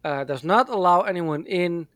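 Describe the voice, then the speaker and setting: A man's voice: high-pitched, normal speed, a bit bright, no echo, studio quality. A man from Europe in casual chat, blunt and heavy on swearing. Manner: blunt and profane.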